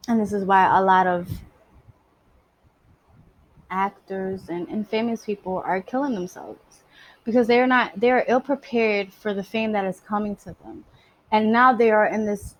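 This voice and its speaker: A woman's voice: medium pitch, normal speed, poor audio. A woman giving a casual spiritual monologue, emphatic and streetwise, swearing freely. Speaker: spiritual vlogger.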